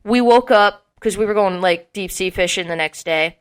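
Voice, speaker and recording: A woman in her early twenties on a podcast, telling a long story in casual chat, animated and swearing often. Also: medium pitch, normal speed, clean tone. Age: early 20s. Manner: animated, swearing often, acting out quotes with laughs. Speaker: podcast co-host.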